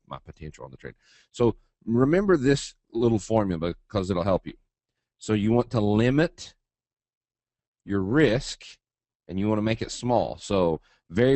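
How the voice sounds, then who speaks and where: Man, lowish voice, webinar presenter, blunt folksy chat, dry close mic. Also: darkish tone, dry recording. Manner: chatty, blunt, folksy, with asides to the audience. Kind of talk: casual webinar lecture.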